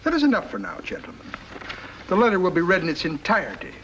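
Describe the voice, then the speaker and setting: An actor playing a scheming, sneering foreign diplomat in a 1950s TV drama, on a faintly hissy old soundtrack. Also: male voice, high-pitched, very animated, fast talker, highs cut off. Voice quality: sneering, accusatory.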